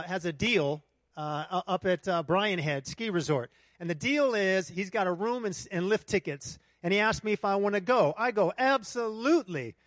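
High-voiced animated man preaching. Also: no echo, clean studio sound. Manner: animated storytelling, talks to the congregation. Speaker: pastor. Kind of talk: sermon with personal story. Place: church hall with congregation.

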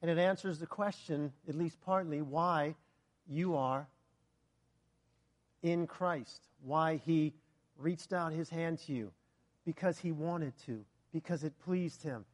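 A man preaching a sermon, animated and joking, firing rhetorical questions at the congregation and breaking into loud bursts. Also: a little high, slow.

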